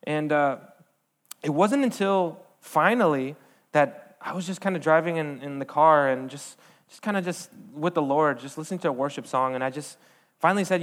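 A young man, a guest speaker, giving an earnest sermon with a personal testimony, halting often with fillers and restarts. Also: fairly high pitch, fairly bright tone.

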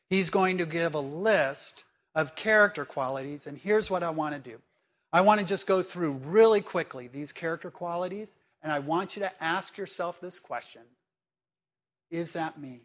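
A man delivering a sermon with a slightly higher than usual voice. He talks to his congregation conversationally, pressing them with direct questions. His delivery swings between emphatic and hushed. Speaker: pastor.

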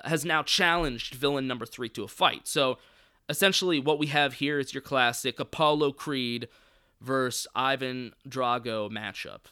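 A man's voice: medium pitch, sharp tone, smooth, no room sound, clean studio sound. A man giving a casual, joking film recap, full of swearing and rambling asides. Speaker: movie reviewer.

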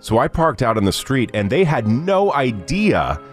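A man's voice: medium pitch, unhurried, soft background music. A man co-hosting a radio show, telling a comic story with lots of energy and putting on voices. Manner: animated storyteller, shouts and mimics voices for laughs.

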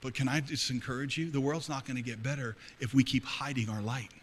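A middle-aged male pastor preaching a sermon to a congregation, dropping to hushed confiding and rising to loud fervor. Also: medium pitch, steady tone, brisk, slightly rough. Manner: swings between hushed, intimate confiding and loud, fervent preaching. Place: church hall before a congregation.

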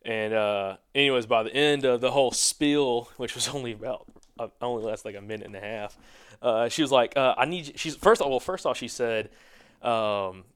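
A man's voice: medium pitch, moderate pace, a bit bright, smooth. A man on a hunting podcast telling a long casual story, rambling with many fillers and restarts. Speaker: podcast co-host.

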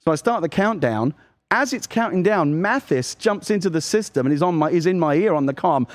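A man co-hosting a video game podcast, telling animated stories in casual chat and acting out lines. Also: fairly high pitch, a little fast. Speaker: podcast co-host.

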